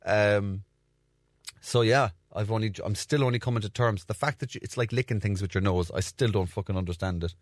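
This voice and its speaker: Guy in his thirties, low voice, swears a lot, laughs at himself, dry close mic. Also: fairly quick, dry recording. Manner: sweary, self-mocking storytelling. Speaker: podcast host. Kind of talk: casual solo monologue.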